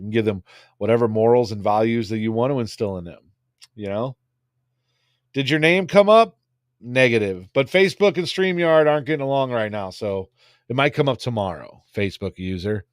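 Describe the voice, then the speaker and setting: A man's voice: medium pitch, dry recording, clean studio sound. A man hosting a casual livestream, rambling crudely and reading out viewer comments. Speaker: livestream host.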